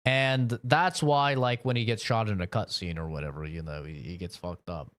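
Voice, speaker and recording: A man's voice: fairly low pitch, fairly even intonation, moderate pace, a bit bright. A young man streaming a game, rambling casually with lots of swearing and filler words. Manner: laid-back, profane, rambling with frequent "like" and laughs. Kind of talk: casual gaming commentary.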